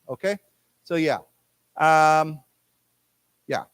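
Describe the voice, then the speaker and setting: A man teaching an English class, explaining words patiently and leading the group through slow repetitions. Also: a little high, animated, dry recording. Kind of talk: classroom lecture. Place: library lecture room.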